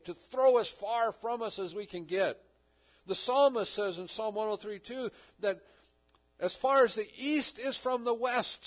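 A man preaching a sermon as pastor, earnest, with rising and falling emphasis. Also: high voice. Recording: dull lo-fi recording.

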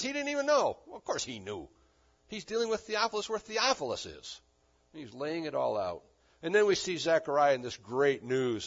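A man preaching a sermon, animated and emphatic, with touches of dry humor. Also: a little high. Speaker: pastor. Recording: dull lo-fi recording.

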